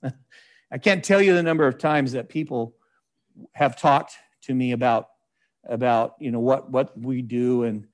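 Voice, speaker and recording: Preaching in a chatty, folksy style, this pastor has a medium-pitched, animated voice and drifts into frequent asides. When he reads scripture aloud, his delivery turns measured.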